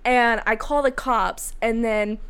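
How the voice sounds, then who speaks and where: A woman co-hosting a podcast, telling a story in casual chat with lots of swearing and animated delivery. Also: on the high side, slow, clear, resonant tone. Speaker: podcast co-host.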